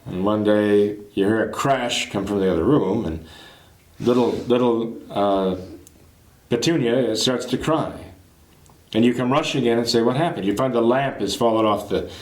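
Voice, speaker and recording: A man's voice: fairly low pitch, moderate pace. A man teaching a catechism lesson in a conversational way, explaining points through homely everyday examples. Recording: roomy echo.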